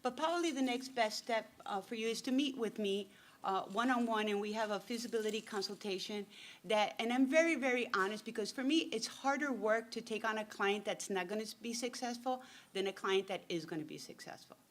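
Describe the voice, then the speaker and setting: A woman's voice: a little high, a little fast. A woman giving a casual, joking workshop talk as a retail buyer and consultant. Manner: chatty, joking storyteller.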